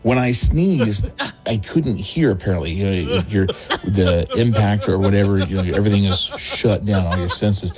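A man tells an embarrassing story from his past in a relaxed, comic way. He laughs as he talks and slips into his friends' voices. His voice sits a little low, and quiet music plays underneath. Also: normal speed.

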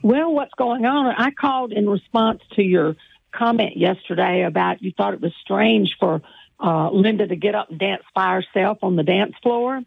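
A woman's voice: medium pitch, moderate pace, creaky, slightly rough, dry recording. A cheerful woman with a Southern accent from Texas, calling in to a radio talk show. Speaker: caller. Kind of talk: call-in radio chat. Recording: tinny phone line.

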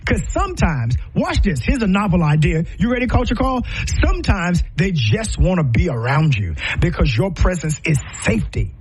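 A man's voice: high voice, very animated, normal speed, hardly any pauses, a little mellow, breathy edge, rough recording. A man hosting a podcast, giving impassioned commentary in a preacher-like cadence full of rhetorical questions and repetition. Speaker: podcast host.

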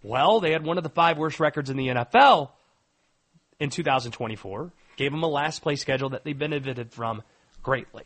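A man hosting a sports talk radio show, punchy and lively. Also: fairly high pitch, brisk.

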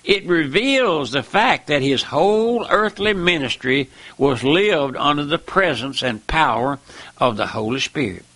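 A preacher man delivers a fiery sermon, his pitch leaping all over. He speaks slowly and deliberately in a bright, ringing voice. He swings between hushed murmurs and high, emotional cries. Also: expressive. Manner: repeats "my friend" and "listen".

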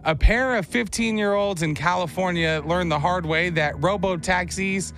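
Guy hosting, chatty, does all the voices in his stories, bit of music under him. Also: a little high. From Texas. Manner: animated storyteller, acts out quotes. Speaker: radio show host. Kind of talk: casual chat.

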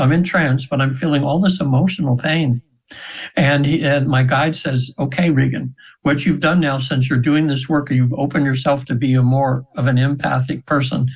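A man's voice: on the high side, poor audio. Rambling earnest man in his seventies. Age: 70s. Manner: rambling and earnest, with frequent restarts and retold quotes. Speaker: radio guest. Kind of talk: spiritual storytelling in a radio interview. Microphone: radio interview mic.

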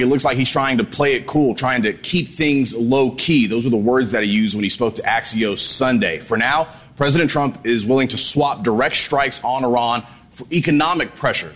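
A male Washington correspondent giving a live news report in a measured, steady way. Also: medium pitch, husky. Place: outdoors at the White House.

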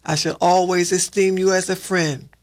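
A man's voice: high voice, level tone, normal speed, natural voice. A man voicing a kind, honest young woman in a storybook read-aloud, reading earnestly.

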